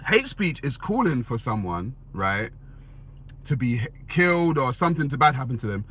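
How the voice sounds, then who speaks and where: Man, blunt and swearing, casual monologue, lively up-and-down pitch, husky voice, thin phone-like sound. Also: moderate pace, no echo. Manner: blunt, swears, repeats "you know what I'm saying". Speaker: commentator reading viewer comments. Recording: tinny phone-like dry sound.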